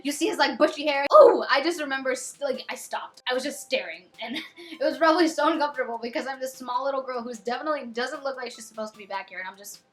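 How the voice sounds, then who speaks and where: A young woman in her twenties telling a storytime vlog with excitable, dramatic, gushing fangirl energy. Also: high voice, fast. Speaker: vlogger.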